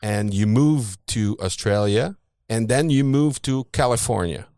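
Enthusiastic Quebec French host, lowish voice. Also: male voice, mellow, no echo, clean studio sound. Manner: enthusiastic, quick, with friendly laughs. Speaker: podcast host. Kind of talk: casual interview chat.

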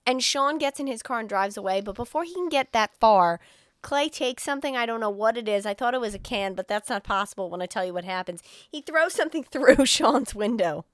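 A woman's voice: on the high side, expressive, a little fast, no room sound. A woman co-hosting a podcast, recapping a movie in blunt, profane casual chat and laughing often. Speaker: podcast co-host.

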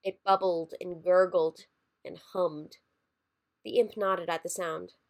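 A woman narrating a dark holiday short story in a measured, expressive reading. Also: fairly low pitch.

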